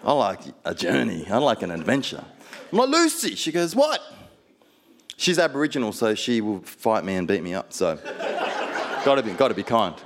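A man's voice: lowish voice, expressive, normal speed. A man preaching a sermon, telling personal stories with playful asides and building to fervent exhortation.

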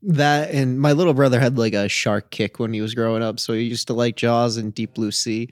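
A man on a movie podcast, cracking jokes and rattling off plot points in short, clipped phrases. His voice sits at a middle pitch, and the sound is dry and close. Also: fairly even intonation, no echo. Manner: joking, quick plot summary in clipped phrases. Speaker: podcast co-host. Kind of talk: casual chat about movies.

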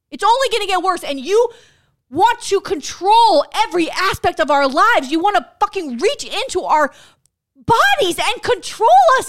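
Furious, very high-pitched woman ranting. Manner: profane, furious, shouting at times. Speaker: podcast co-host. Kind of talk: heated political rant.

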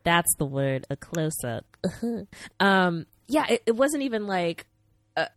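A woman's voice: fairly low pitch, big pitch swings, takes it slowly, no echo, studio quality. A woman co-hosting a podcast whose first language is not English, talking in playful casual chat, sometimes searching for words and reaching for dramatic turns of phrase. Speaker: podcast co-host.

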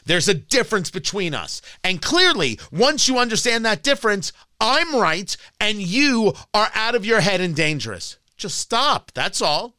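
A man's voice: high voice, sing-song, moderate pace, hardly any pauses, pushed and bright, no echo, studio quality. A man hosting a political talk radio show, ranting in a combative, sarcastic way. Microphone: studio microphone.

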